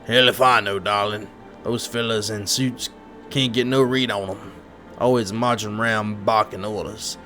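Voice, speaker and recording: A man's voice: lowish voice, fairly even intonation, unhurried, sharp tone, faint music behind. Man putting on a drawling Southern stranger. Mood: folksy grumbling. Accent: Southern US, put on. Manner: drawling, folksy, calls people darling. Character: gruff Southern stranger at the door, folksy, scornful of officials.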